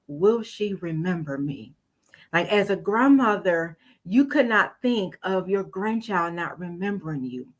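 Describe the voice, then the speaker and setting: Earnest grandmother giving a motivational talk. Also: mid-range voice. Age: older. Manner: earnest, rhetorical, speaks directly to audience. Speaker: guest speaker.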